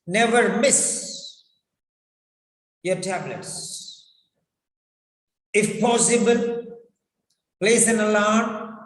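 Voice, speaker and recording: A man teaching a speaking lesson, talking deliberately and repeating key words for emphasis. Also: high-pitched. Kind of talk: spoken lesson. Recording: echoey room with long reverb.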